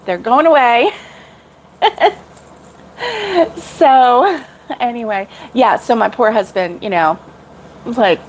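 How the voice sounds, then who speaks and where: A woman's voice: a little high, expressive, slow pace, pauses often, a little hiss or hum, low-quality recording. Giggly rambling middle-aged woman. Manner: giggly, rambling, laughs often. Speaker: crochet vlogger. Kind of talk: casual chat with live viewers.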